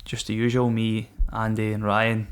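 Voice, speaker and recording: A man's voice: fairly low pitch, completely flat delivery, normal speed. Swearing Scottish man telling war stories. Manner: frank, swears often, laughs things off. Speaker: podcast guest, former Royal Marine. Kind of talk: casual storytelling.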